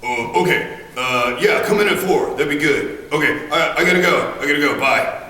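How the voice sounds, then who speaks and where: A laid-back, distracted man on a phone call rambles and repeats himself, as a man puts him on. His tone is bright and sharp. He sounds far from the mic in a long, echoing hall. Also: fairly high pitch, normal speed. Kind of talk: impression in a panel anecdote.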